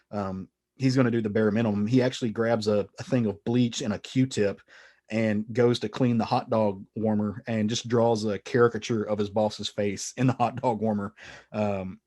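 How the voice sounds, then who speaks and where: A man's voice: on the low side, a little mellow. Rambling man reviewing comics. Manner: rambling, many fillers and restarts, retelling stories. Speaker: podcast host. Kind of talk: casual comic book review.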